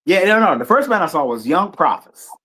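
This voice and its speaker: Animated D.C.-accented man telling stories. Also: sits high, fairly quick, slightly rough. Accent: Washington D.C. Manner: animated, acts out quoted voices, loose slang-heavy talk. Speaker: guest musician. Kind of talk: casual storytelling interview.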